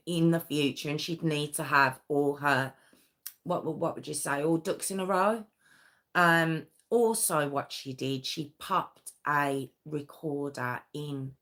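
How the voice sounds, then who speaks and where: A woman's voice: low voice, fairly bright tone. A woman hosting a live true crime stream, telling the story conversationally with many fillers and restarts.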